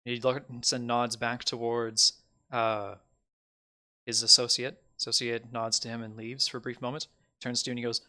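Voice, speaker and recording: A man's voice: mid-range voice, level tone, normal speed, pushed and bright, clear, resonant tone. A man narrating a tabletop game as game master in a casual, loose way. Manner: casual narration with fillers, swearing.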